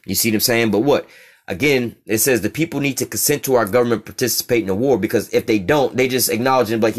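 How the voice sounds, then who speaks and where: A man preaching at a quick clip in a mid-range voice. He reads a passage aloud and breaks it down in blunt, cursing street talk, checking in again and again with "you see what I'm saying?". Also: medium pitch. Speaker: religious teacher. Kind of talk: street-style religious teaching, reading and explaining a text.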